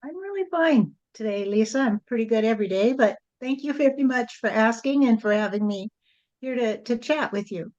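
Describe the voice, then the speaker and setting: A woman guest in a spiritual interview, speaking in a measured, reflective way with pauses. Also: a little high, lively intonation, a little mellow, muffled recording.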